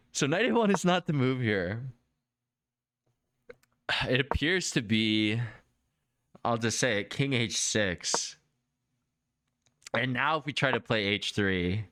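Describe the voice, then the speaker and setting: A man streaming a chess game review, excitable and quick to exclaim and laugh as he talks to his viewers. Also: mid-range voice, clean tone, no room sound, studio quality.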